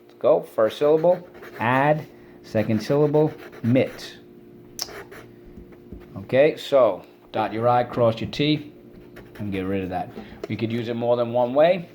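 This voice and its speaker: A man's voice: on the low side, dark tone, a little hiss or hum. A man teaching a spelling and vocabulary lesson, drilling words syllable by syllable and prompting students to repeat after him.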